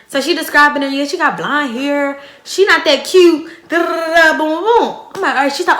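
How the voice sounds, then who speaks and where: A young woman vlogger telling a story in a dramatic, animated, profane storytime style. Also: high voice, brisk, few pauses, a little hiss or hum. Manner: profane, slangy. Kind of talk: casual storytime. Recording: echoey room.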